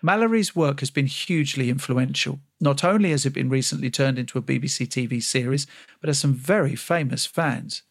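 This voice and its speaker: A man's voice: mid-range voice, fairly quick. A man hosting a podcast, introducing clips and teasing his guest playfully. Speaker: podcast host. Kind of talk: casual chat and scripted links.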